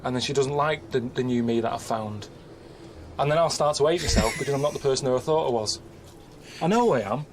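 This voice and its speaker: A man, presenting a travel documentary on location in a deadpan, weary, grumbling way. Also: mid-range voice, a little fast, noisy background.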